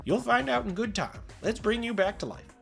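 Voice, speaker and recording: Woman voicing an old male angel, teasing, cheery, lively pitch, faint music. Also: normal speed, vocal fry, exaggerated voice. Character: playful old male angel who gambles.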